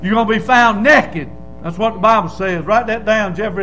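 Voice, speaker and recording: A man preaching a Baptist sermon, hollering and swinging from low asides to loud shouts. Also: moderate pace, soft background music, poor audio. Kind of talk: fiery sermon. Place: church.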